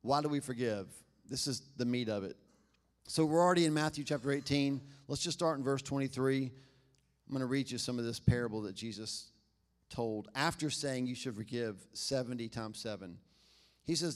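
A man's voice: medium pitch, normal speed. Male pastor, conversational sermon delivery, engages the room with questions. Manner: conversational, asks the congregation questions.

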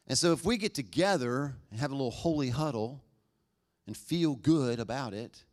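A middle-aged man preaching a conversational sermon, joking and acting out quotes in lively voices. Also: medium pitch, moderate pace. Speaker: pastor.

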